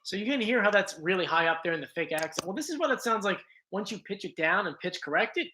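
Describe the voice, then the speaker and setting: Bright chatty man talking on a livestream. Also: high voice, lively intonation, fast talker, slight background noise. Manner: chatty, restarts often, apologetic asides. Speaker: host. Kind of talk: casual livestream commentary.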